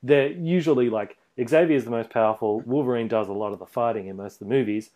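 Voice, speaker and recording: Casual male podcast co-host, mid-pitched, rambling and laughing through movie talk. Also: fast talker, mellow. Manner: rambling, many fillers, laughs often.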